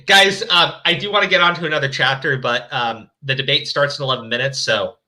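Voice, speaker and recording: A man's voice: mid-range voice, fairly quick, pushed and bright. A man hosting a stream, reading fan fiction aloud with mocking, profane commentary. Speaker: stream host.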